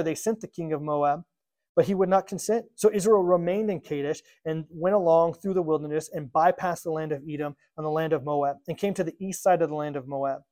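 A pastor with a fairly high, darkish voice preaches a sermon, reading scripture aloud and explaining it. He acts out the quotes in a casual, modern voice.

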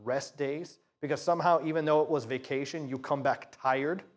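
A man's voice: a little high, steady tone, normal speed. A man, a pastor, giving a conversational sermon with a prayer and a Bible reading, often repeating words as he restarts phrases. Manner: conversational, talks to the audience as "you guys".

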